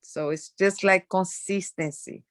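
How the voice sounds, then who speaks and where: Woman, call participant, hesitant, halting, lowish voice, dry sound. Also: fairly even intonation, no echo. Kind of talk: sharing on a group call.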